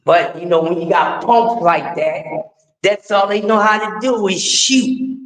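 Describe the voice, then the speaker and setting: A middle-aged man, hosting a livestream in a high-pitched voice. He preaches with fierce emphasis, swinging between shouting and hushed pleading. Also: moderate pace. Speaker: livestream host. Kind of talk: impassioned livestream rant.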